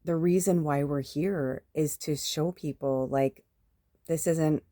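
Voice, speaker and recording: A woman's voice: low voice, steady tone, takes it slowly, dark tone, no room sound. A woman in her fifties, a spiritual medium, rambling in a chatty, emphatic way and swearing often. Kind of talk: casual rambling monologue.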